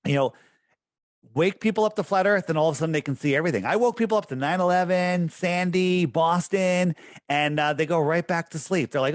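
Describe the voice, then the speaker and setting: On a dry recording, a man with a fairly high pitch talks a little fast as a podcast guest. The casual interview finds him wandering and losing his train of thought, then insisting on his views in a preachy, emphatic way.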